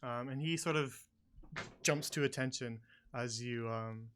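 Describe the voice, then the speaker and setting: A man narrating a tabletop game as game master, in a relaxed, hesitant way. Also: medium pitch, a little slow, a little hiss or hum.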